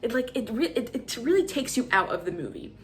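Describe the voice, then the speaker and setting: A woman's voice: a little high, fairly quick. Exasperated young woman ranting about films. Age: 20s. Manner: animated, exasperated rants. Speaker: vlogger. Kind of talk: casual movie review monologue.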